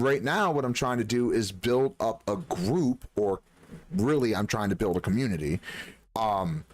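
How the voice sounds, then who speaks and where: A man streaming live, telling gaming stories in an animated, profane way and acting out the dialogue. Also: mid-range voice, dry recording. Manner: animated storyteller, swears freely, acts out dialogue. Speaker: game streamer. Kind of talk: casual live-stream chat.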